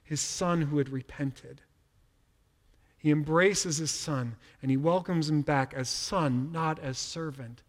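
This middle-aged male pastor preaches slowly and casually, often stumbling and repeating himself at the start of a thought. A long echo from the large hall follows each phrase, and his pitch runs a bit high for a man.

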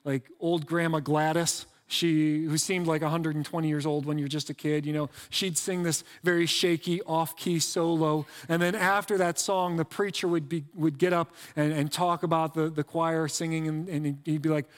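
A man's voice: a little high, flat delivery, normal speed, hardly any pauses, long reverb tail. A man preaching a sermon in an easy, conversational way, with restarts and asides. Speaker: pastor.

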